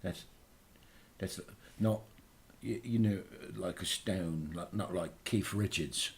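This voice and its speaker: A man's voice: deep voice, takes it slowly. A man playing a boastful aging British punk singer with a Liverpool accent, who guest hosts a radio show in a rambling, hesitant way. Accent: Liverpool English. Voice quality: rambling, hesitant, full of fillers. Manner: bursts into loud ranting. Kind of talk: comic radio character chat.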